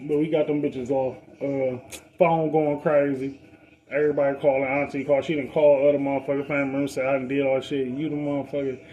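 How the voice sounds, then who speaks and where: A man's voice: quick pace, narrow, tinny audio. Man telling a street story. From Detroit. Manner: animated, acts out other people's voices in a higher pitch; profane street slang. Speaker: podcast storyteller. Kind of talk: casual storytelling.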